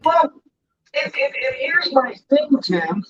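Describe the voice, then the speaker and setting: A man's voice: extremely high pitch, big pitch swings, takes it slowly, a bit bright, a little hiss or hum. A man ranting angrily and profanely as co-host of an online talk show, speaking from his bedroom. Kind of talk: angry political rant. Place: bedroom at home. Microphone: distant from mic. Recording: dull lo-fi audio.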